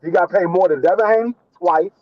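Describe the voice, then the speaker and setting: A man's voice: high-pitched, fairly quick, dull audio. A man co-hosting a casual boxing talk show, insistent, repeating his point over and over. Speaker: boxing podcast co-host. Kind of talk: casual debate chat.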